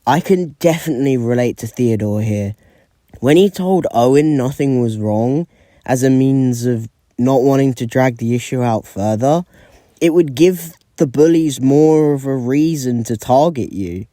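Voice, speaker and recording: A man offers sincere, measured commentary as a guest, in a mellow voice. The recording is dry and close, with no room sound. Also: medium pitch, no echo. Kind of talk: video commentary.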